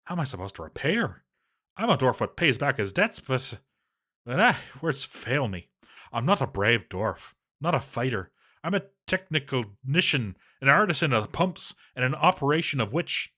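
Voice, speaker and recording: A man's voice: medium pitch, very animated, moderate pace, bright, forceful tone. A man voicing a cowardly, grumbling male dwarf pump operator in a put-on Irish-sounding accent, swearing and self-pitying.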